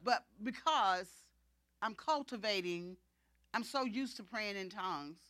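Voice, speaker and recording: A woman's voice: mid-range voice, a little slow, sharp tone, dry recording. A middle-aged woman preacher giving a sermon, emphatic and repetitive, often saying "you know". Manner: emphatic, repeats key phrases, frequent "you know".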